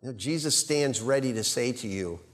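A male pastor preaching a sermon, swinging between loud emphasis and hushed quiet and asking the congregation rhetorical questions. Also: mid-range voice, expressive, normal speed, long reverb tail.

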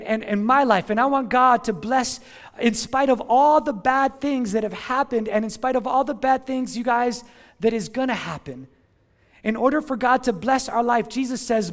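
A middle-aged man with a strikingly high voice delivers an earnest church sermon. He repeats words as he builds a point and keeps asking the congregation to answer back. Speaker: pastor.

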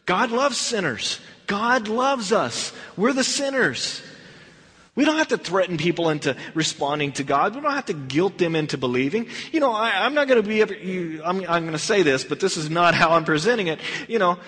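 A man's voice: on the high side, sing-song, fast talker, hardly any pauses, fairly bright tone, husky, in a large hall. A man teaching a verse-by-verse Bible study in a conversational way, acting out the people in the stories. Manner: conversational, acts out dialogue in quotes.

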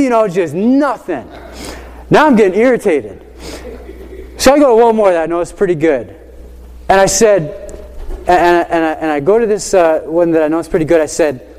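Chatty high-voiced man telling a story. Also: moderate pace, in a large hall. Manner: animated, chatty, many fillers like "you know". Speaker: high school teacher. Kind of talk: casual storytelling.

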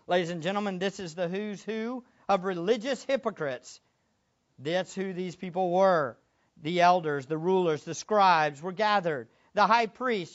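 Preacher, quiet to loud. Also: male voice, high voice, muffled recording. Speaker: pastor. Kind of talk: sermon.

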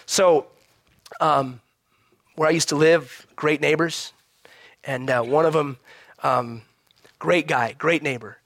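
A married man, a pastor, preaching a sermon with animated acted-out quotes and humor. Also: on the high side, takes it slowly, long pauses, no room sound, clean studio sound. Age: adult married man.

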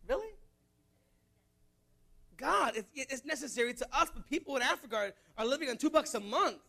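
A man preaching a sermon, mixing joking asides with loud exhortation. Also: very high voice, quick pace, gravelly.

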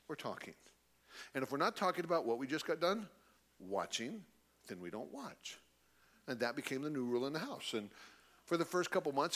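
A middle-aged man tells a story to a live audience. His pitch sits in a middling range but roams animatedly, and he slips into quoted voices as he goes. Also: fairly bright tone. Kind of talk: storytelling talk.

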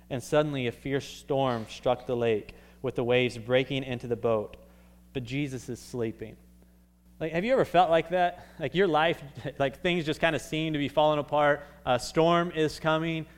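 A young man preaches to his congregation in an easygoing, conversational manner. His voice sits at an ordinary middle pitch. He keeps circling back with fillers and false starts as he works through a point. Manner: conversational, many "like" fillers and restarts. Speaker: pastor. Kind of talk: casual sermon.

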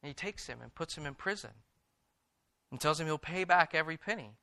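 A man's voice: fairly high pitch, lively intonation, fairly quick, gravelly, sharp tone. A man preaching a sermon, reading scripture aloud and then exhorting his congregation with emphatic repetitions. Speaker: pastor.

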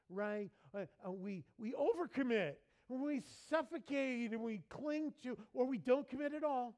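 A man preaching in a church as pastor, lively and playful, mimicking people for laughs. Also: very high-pitched, normal speed, few pauses. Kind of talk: sermon.

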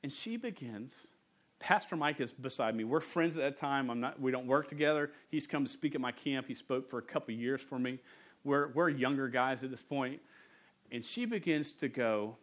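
A man, a pastor preaching a sermon in a church and telling stories in a relaxed, humorous way. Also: fairly high pitch, normal speed. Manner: conversational, humorous storytelling. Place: church sanctuary.

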